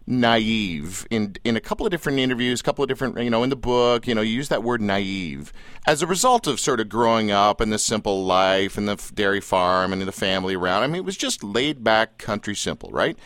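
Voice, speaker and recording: A man's voice: lowish voice, lively intonation, a little fast, a bit bright, dry recording, studio quality. A man hosting an interview, asking questions in a loose, conversational way. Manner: conversational, with filler and restarts. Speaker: host. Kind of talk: casual interview.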